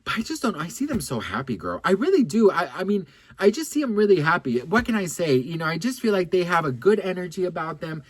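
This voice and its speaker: A man's voice: high voice, quick pace, slightly rough. A man vlogging celebrity gossip, chatty and campy, cursing freely and rambling through restarts and asides. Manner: campy, gossipy and animated, with lots of swearing and "girl". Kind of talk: casual chatty storytelling to camera.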